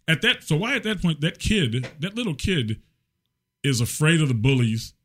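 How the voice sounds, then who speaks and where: A man's voice: a little high, very animated, moderate pace. A man co-hosting a casual movie podcast, rambling with many restarts and some swearing. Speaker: podcast co-host. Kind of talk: casual chat.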